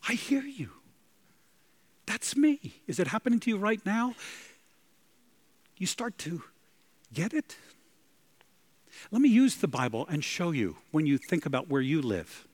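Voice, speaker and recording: A man preaching from the pulpit, his pitch rising and falling in lively sweeps. He takes his time, leaning on each phrase and breaking into sudden gasps of wonder. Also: unhurried, long pauses. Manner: dramatic, with sudden gasps and soaring emphatic peaks. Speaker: pastor. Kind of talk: sermon.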